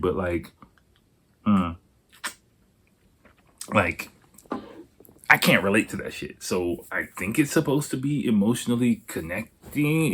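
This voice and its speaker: A man with a deep, low-pitched voice hosting a podcast solo. He talks in a loose, rambling way, swearing freely and circling back with fillers and restarts. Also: a little hiss or hum. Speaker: podcast host. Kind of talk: casual rambling monologue.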